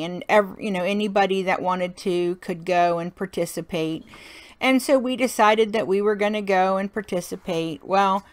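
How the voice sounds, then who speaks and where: A woman's voice: mid-range voice, fairly bright tone. A woman hosting a card-making tutorial, talking in a chatty, folksy way while she works and laughing often. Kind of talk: casual crafting tutorial narration.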